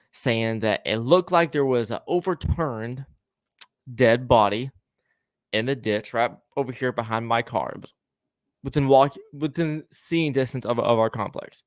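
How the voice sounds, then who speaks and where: A man's voice: medium pitch, measured pace, clear, resonant tone, no room sound, studio quality. A man casually telling a story to a co-host, rambling with stammering restarts and swearing, acting out the lines of the people in it.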